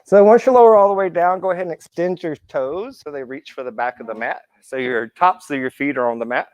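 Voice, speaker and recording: A man's voice: on the high side, fairly quick, a little mellow, dry recording. A man teaching a live yoga class, counting students through poses with encouraging cues and playful asides. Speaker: yoga instructor. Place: indoor yoga class room.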